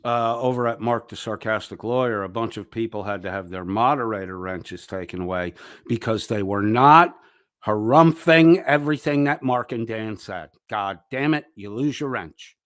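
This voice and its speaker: A man's voice: lowish voice, normal speed, fairly bright tone, dry recording. Profane ranting man, dry sound. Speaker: commentary channel host. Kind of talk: angry reaction commentary.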